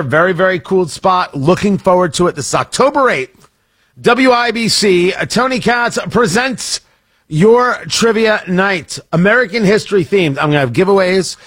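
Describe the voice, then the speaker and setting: Male morning radio host, rambling and jokey, slightly husky, dry studio sound. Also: sits high, a bit bright, no echo. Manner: rambling, self-interrupting, jokey. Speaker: radio talk show host. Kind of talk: casual on-air chat and promo. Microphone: studio microphone.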